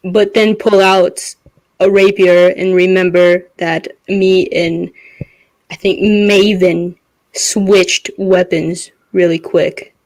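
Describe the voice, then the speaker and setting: Slow-spoken tabletop player. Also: medium pitch, low-quality recording. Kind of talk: tabletop game play.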